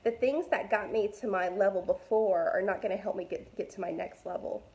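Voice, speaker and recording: With a mellow, mid-range voice and a fairly quick pace, an adult mother shares a casual devotional message for women. She's a faith vlogger who talks chattily and candidly, leans on fillers, and speaks straight to listeners.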